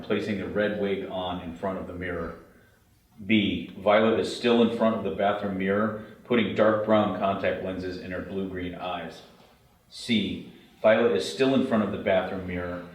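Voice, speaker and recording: Man, deep voice, reading script directions, matter-of-fact, very echoey, distant mic. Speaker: narrator reading scene directions. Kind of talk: script read-through narration. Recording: very echoey, distant, faint hiss.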